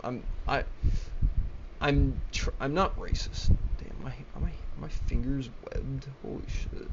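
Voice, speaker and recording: Speaking at an unhurried pace in a medium pitch, a young man delivers a rambling solo rant to camera, picked up by a laptop webcam mic. He's agitated and swears often, stumbling, restarting and stammering, while the lo-fi audio carries background noise.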